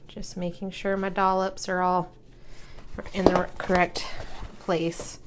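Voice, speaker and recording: A woman's voice: lowish voice, flat delivery, takes it slowly, noisy background. A young woman chatting casually as she walks through a craft project, giggling and humming to herself while she works. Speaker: crafting vlogger. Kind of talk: casual craft tutorial chat.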